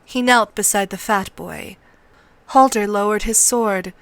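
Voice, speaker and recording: A woman's voice: mid-range voice, a little slow, a bit bright, dry recording. Woman reading a novel aloud, dry close sound. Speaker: narrator. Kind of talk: read-along audiobook narration.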